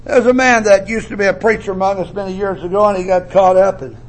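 A man preaching a revival sermon with impassioned swings between shouting and low murmuring, reading scripture in a slow, drawn-out cadence.

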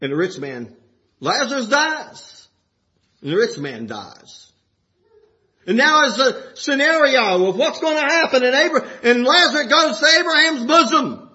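A man preaching a sermon with passion, rising to shouts and dropping low. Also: sing-song, measured pace, muffled recording.

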